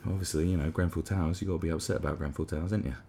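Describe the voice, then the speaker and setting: A man's voice: low voice, fairly even intonation, very fast, dark tone, slight background noise. A man delivering a sarcastic, rambling comedic monologue as the host of a commentary channel, with frequent restarts.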